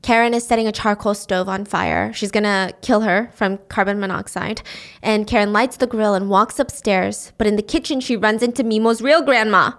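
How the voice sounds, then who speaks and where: A young woman host telling the story of a drama in an animated, casual way, sometimes speeding up and sometimes slowing for the sad parts. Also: mid-range voice. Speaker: podcast host recapping a drama.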